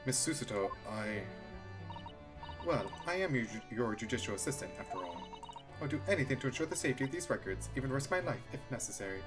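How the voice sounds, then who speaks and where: Woman reading earnest young female assistant, formal and soft-spoken. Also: very deep voice, animated, fast talker, over music. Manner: prim, formal.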